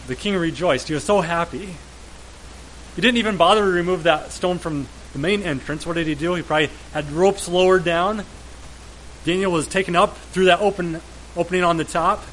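A man's voice: high voice, a little fast, a bit bright, slight background noise, low-quality recording. A man preaching a sermon, retelling a scripture story in a storytelling way and repeating words as he goes.

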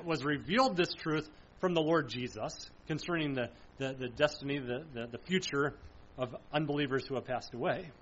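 A man teaches the Bible verse by verse, explaining the text firmly and posing questions he then answers himself. His voice is fairly high, and the dull, lo-fi recording has slight background noise.

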